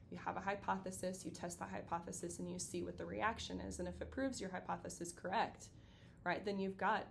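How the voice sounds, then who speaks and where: A middle-aged woman counselor talking through therapy concepts in a relaxed, chatty way. She tells stories with animation and plays out the voices of the people in them. Faint noise and a low rumble sit under her voice. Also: gravelly. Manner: animated storyteller acting out quoted voices. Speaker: counselor and podcast co-host. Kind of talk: casual explanatory chat.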